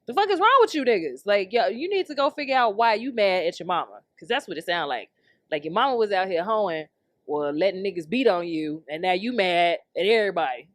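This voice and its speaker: A young adult woman hosting a podcast launches into a heated, profanity-packed comedic rant, laughing often and swearing constantly in a brash way. Her mid-range voice has lively intonation and a fairly quick pace. The studio-quality recording has no room sound.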